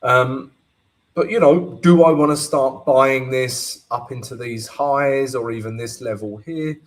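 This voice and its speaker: Slow, chatty man breaking down charts. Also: medium pitch, poor audio. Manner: unhurried, keeps asking "right?" and "you know". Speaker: forex trading streamer. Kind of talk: live market analysis and Q&A.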